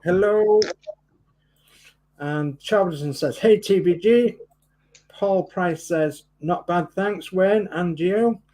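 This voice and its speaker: Man, livestream host, friendly chat reading, higher voice, unhurried. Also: dark tone, low-quality recording. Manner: friendly, reads viewer names and greetings. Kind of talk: reading chat on a live stream.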